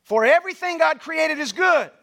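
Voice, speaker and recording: A man pastor preaching a sermon, leading the congregation in call-and-response and at times shouting. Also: extremely high pitch, lively intonation, moderate pace. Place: church sanctuary.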